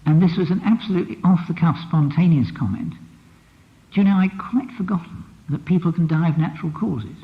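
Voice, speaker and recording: A man lecturing in a reverberant hall, his voice a little higher than most men's. He talks reflectively and stresses key words, turning a phrase over to show its weight. The old archive recording sounds dull and muffled. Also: brisk. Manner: reflective, emphatic, repeats phrases with shifting stress. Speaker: psychotherapist lecturer.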